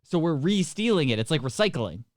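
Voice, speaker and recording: A joking man co-hosts a comedy podcast, his slightly high voice bouncing around as he teases and laughs. The sound is dry and close. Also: very animated, a little fast, no room sound. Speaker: podcast co-host. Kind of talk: casual comedy chat.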